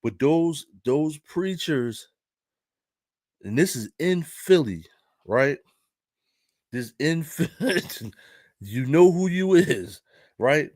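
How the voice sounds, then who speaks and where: A man's voice: fairly high pitch, animated, slow, long pauses, a little mellow, no room sound, studio quality. A man with a Philadelphia accent telling a casual, rambling story, often repeating himself and checking in with the listener. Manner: loose, repetitive, keeps asking "right?". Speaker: vlogger.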